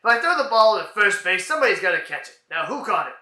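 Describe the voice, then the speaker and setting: Flustered, exasperated shouter, read by a man; bright, lively delivery. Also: high-pitched, roomy sound, exaggerated voice. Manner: shouting, exasperated, rapid-fire. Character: excitable, flustered man trying to learn player names. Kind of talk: comedy dialogue reading.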